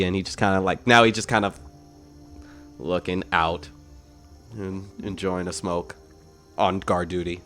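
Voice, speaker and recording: Slow, low-voiced male game master. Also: fairly even intonation, fairly bright tone, faint music behind. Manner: loose, rambling narration with fillers. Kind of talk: narrating a tabletop game.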